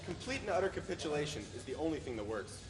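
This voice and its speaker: A man's voice: on the high side, sing-song, fast, over music. A man acting as a cynical husband who lectures sardonically on giving in to women, in a student stage play. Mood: sardonic. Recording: echoey, noisy stage recording.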